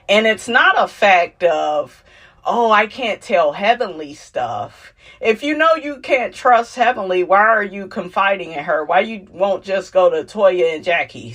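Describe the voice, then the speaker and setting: A young adult woman, chatting casually and sassily about a reality show, laughing and acting out the people she quotes. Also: lowish voice. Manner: animated, sassy, quotes cast members in voices, laughs often. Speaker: reality TV recap commentator. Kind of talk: casual chat.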